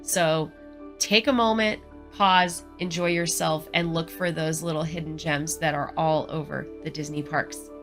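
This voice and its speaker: A woman's voice: sits low, fairly even intonation, unhurried, music in the background. A middle-aged woman vlogging travel advice in an earnest, encouraging, chatty way. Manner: earnest, encouraging, chatty with frequent "you know". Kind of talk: casual advice vlog.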